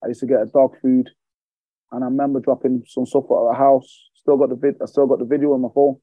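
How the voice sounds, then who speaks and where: A man tells a story as a podcast guest, candid and blunt and quick to swear. He leans on repeated phrases to drive his points home. The sound is dry and close, with a slightly dull, lo-fi quality. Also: medium pitch, level tone, no room sound. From England. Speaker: guest, fitness coach.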